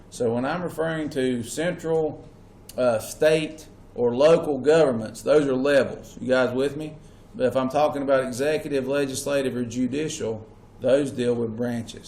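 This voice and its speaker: A man's voice: mid-range voice, a little mellow. A man teaching a class, explaining step by step and often asking students whether they follow. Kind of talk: classroom lecture. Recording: echoey classroom with faint hum.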